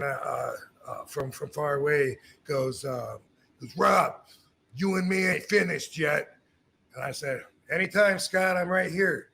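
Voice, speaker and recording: A man's gravelly voice, a little high with a breathy edge, carries this podcast story. The middle-aged host talks casually and animatedly, voicing the quoted lines of other people and restarting himself often.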